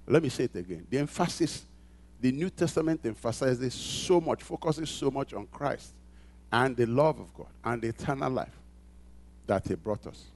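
A male pastor delivers a sermon, calling on the congregation to respond and repeating phrases for emphasis as he builds from quiet lines to loud, emphatic peaks. His medium-pitched voice is expressive and moderately paced.

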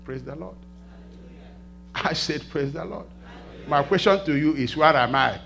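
A middle-aged male pastor delivering a sermon, with a bright, forceful tone. He throws half-finished questions to the congregation for them to answer and moves from hushed asides to loud, exclamatory bursts. A faint hum sits behind him in the church. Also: fairly high pitch, measured pace, vocal fry. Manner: call-and-response questions to the congregation.

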